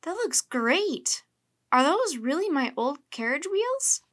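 A woman's voice: high-pitched, big pitch swings, slow pace, a bit bright, no room sound, voice pushed up, heavily acted. A woman reading aloud voices Mandy, a cheerful, helpful girl, close to her own voice.

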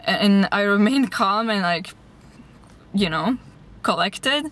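A woman's voice: medium pitch, unhurried, fairly bright tone. A young woman from Lithuania, a native Lithuanian speaker, chatting casually to her vlog camera with lots of fillers. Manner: chatty storytelling with many fillers. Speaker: vlogger.

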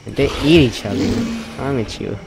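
A young man casually commenting on gameplay, profane and excitable, slangy and laughing. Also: mid-range voice, moderate pace, vocal fry. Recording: game music playing behind.

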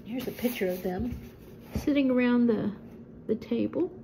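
An older woman reading a children's book aloud to a listener, with gentle chatty asides. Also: a little high, normal speed, slight background noise, low-quality recording. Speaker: storyteller.

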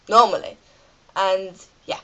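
A woman's voice: medium pitch, steady tone, drawn-out words, bright, forceful tone, poor audio. A British woman with a cold, ranting in a rambling, chatty vlog full of fillers. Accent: British English. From Britain. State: has a cold. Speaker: vlogger.

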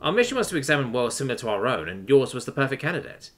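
A man voicing a friendly, earnest human captain who speaks warmly and apologetically. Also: medium pitch, sing-song, racing, faint music behind, natural voice.

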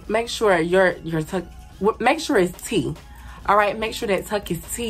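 A young beauty and advice vlogger with a mid-range, fairly bright voice dishes out blunt, slangy, sassy advice in a casual vlog. She repeats her points for emphasis.

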